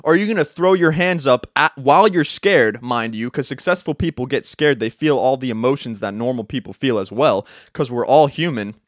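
A young man hosting a podcast, giving an intense, profane motivational monologue with bursts of shouting. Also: mid-range voice, normal speed, few pauses, no room sound, studio quality. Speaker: podcast host. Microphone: two cameras, podcast mic.

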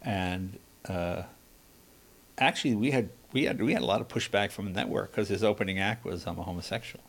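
An older man from Massachusetts, a guest who used to host a talk show, telling anecdotes in a relaxed interview and acting out the other people in them. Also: on the low side, normal speed. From Massachusetts, USA. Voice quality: dyslexic (not heard). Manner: anecdotal, acts out voices in stories. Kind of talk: casual interview storytelling.

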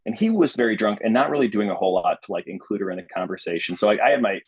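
A young man from Illinois talks as a podcast guest, husky and a little low. He tells his story with animation, in casual chat. The recording is slightly muffled and dry. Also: very fast, no room sound. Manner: animated, acts out quoted voices.

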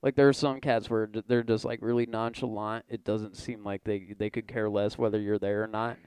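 A man's voice: fairly low pitch, flat delivery, a little fast, darkish tone, clear, resonant tone, no echo. A young man co-hosting a podcast, chatting casually in a loose, profane way full of fillers. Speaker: podcast co-host. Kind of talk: casual chat.

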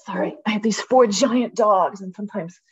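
Speaking from a rural home with dogs around, this sixty-something podcast guest animatedly acts out quotes while telling stories over a video call. The casual interview captures her mid-range voice at a moderate pace, with lo-fi audio and a little hiss or hum.

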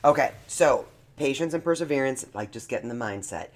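Playful co-host on a podcast, teasing and animated. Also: medium pitch, a little fast. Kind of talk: casual chat.

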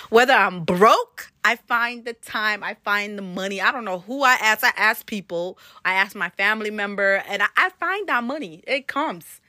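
A woman's voice: medium pitch, normal speed, pushed and bright, dry recording, studio quality. A woman vlogger giving casual, earnest advice to her viewers, chatty and full of "you know" and "like" fillers. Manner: earnest and encouraging.

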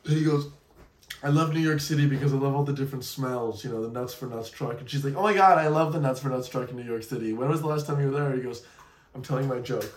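A man's voice: mid-range voice, quick pace, echoey room, distant mic. A young man co-hosting a podcast, telling stories animatedly and laughing often. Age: young adult. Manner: animated storyteller, laughs a lot. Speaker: podcast co-host. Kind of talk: casual chat, storytelling.

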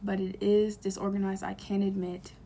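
A woman's voice: mid-range voice, level tone, moderate pace, gravelly, mellow, a little hiss or hum. A young woman giving an earnest, rambling, heartfelt self-help monologue.

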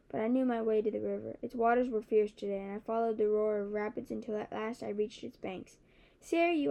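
A woman narrating a fantasy novel in the first person, with steady, even storytelling. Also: fairly high pitch, gravelly. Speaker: audiobook narrator.

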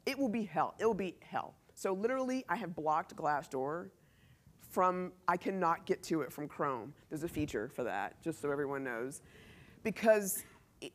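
A man speaking as a company CEO in a conference talk before a live audience, telling stories animatedly and acting out the dialogue. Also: on the high side. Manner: animated storytelling, acts out quoted dialogue, laughs often.

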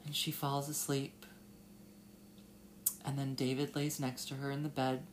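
A young woman hosting a solo casual talk, halting and filler-heavy, and tearful as she talks. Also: rumbling low, little pitch movement, noisy background. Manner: halting, with many fillers and restarts. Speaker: podcast host.

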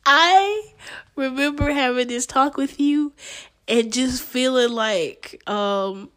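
A young adult woman with a somewhat high voice, talking casually with a family member. She rambles and hesitates, leaning on lots of fillers as she feels her way through her stories and questions. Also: slow pace, fairly bright tone. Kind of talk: casual conversation.

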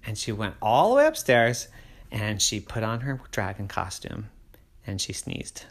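An adult telling a bedtime story in a gentle, playful way. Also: medium pitch, very animated, a little slow, gravelly, slightly rough.

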